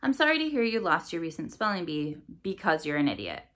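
A sulky young girl grudgingly writing apologies, as a woman reads her, her words dripping with sarcasm. The voice is bright and lively, a touch raised for the letters. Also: lowish voice, brisk. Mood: sarcastic. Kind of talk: storybook read-aloud.

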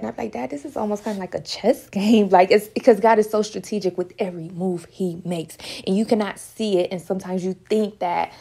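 In her own talk, a woman who speaks online as a Christian offers heartfelt spiritual encouragement in a low, gravelly, slightly mellow voice. Her delivery is earnest and repetitive, full of emotion, occasionally verging on tears.

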